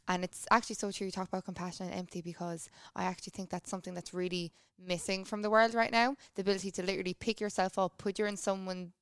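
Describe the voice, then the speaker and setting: Fast-talking, smooth-voiced woman guest. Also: medium pitch, level tone, dry recording, studio quality. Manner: explains ideas with vivid examples, encouraging replies. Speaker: podcast guest, wellness coach. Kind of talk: casual chat.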